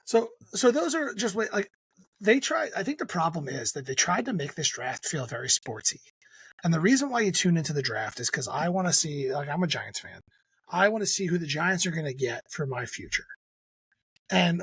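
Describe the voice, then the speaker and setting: Husky high-voiced podcast guy. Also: moderate pace, no room sound. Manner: animated, jokey wrestling fan talk. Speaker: podcast co-host. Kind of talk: casual chat.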